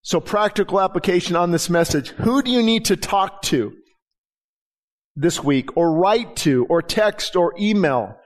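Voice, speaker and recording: A man's voice: high voice, expressive, unhurried. A middle-aged man, a pastor giving a conversational sermon and acting out the dialogue in his stories. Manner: conversational preaching, acts out dialogue in anecdotes.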